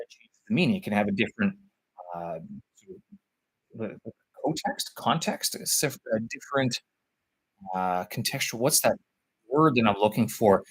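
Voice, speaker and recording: A man's voice: on the low side, a bit bright, poor audio. A man talking live about teaching English, rambling and searching for words as he thinks aloud. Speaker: vlogger on teaching English abroad. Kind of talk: live-stream talk.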